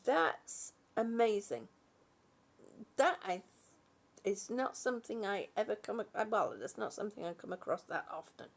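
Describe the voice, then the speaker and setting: A woman hosting a relaxed live chat from her home, greeting viewers by name, yawning, laughing and often losing her train of thought. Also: medium pitch, moderate pace. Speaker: livestream host.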